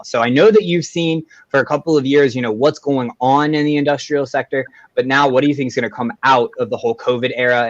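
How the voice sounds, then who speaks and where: A man's voice: mid-range voice, no echo, muffled recording. A man hosting a live online talk show, reading out viewer greetings and joking around. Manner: playful, reads out viewer greetings. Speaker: podcast host. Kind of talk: casual live-show chat.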